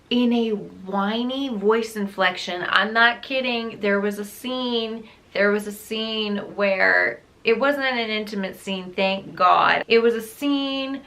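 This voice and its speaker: Slow-talking woman with a bright voice. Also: on the high side. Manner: exasperated, emphatic, often laughing. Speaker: book reviewer. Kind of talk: casual ranting book wrap-up.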